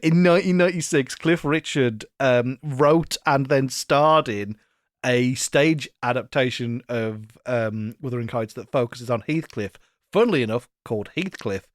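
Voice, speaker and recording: Male podcast co-host, mid-pitched, animated and sweary, dry close mic. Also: measured pace, no room sound. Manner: animated, laughing often, sweary. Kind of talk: casual chat.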